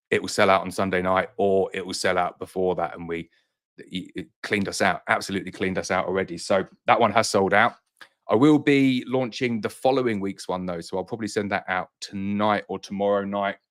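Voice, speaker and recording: A man's voice: deep voice, a bit bright. A man who runs a beekeeping business, answering viewer questions in a casual live-stream chat, slightly out of breath and reassuring in manner. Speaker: beekeeper and honey business owner hosting a live Q&A.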